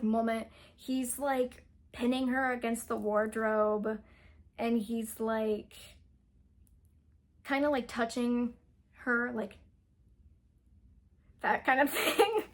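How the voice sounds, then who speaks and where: A young woman casually recapping a book's plot. She rambles excitedly, filling her talk with "like" and cutting herself off. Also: on the high side. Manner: rambling, fills speech with "like"; self-interrupting, excitable. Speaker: book reviewer.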